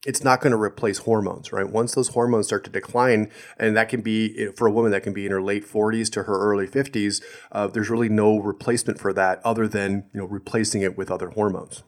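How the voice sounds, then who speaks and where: A man's voice: lowish voice, steady tone, fairly quick, hardly any pauses. A man co-hosting a health podcast with a head cold that makes him sound nasal, talking casually with many hesitations. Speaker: podcast co-host, doctor.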